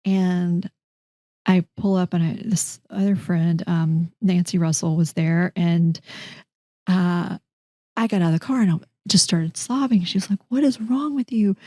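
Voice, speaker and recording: Woman, middle-aged, interview guest, animated storyteller, warm low voice, dry close sound. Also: no room sound. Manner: animated, acts out quoted dialogue, frequent restarts. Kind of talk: conversational storytelling.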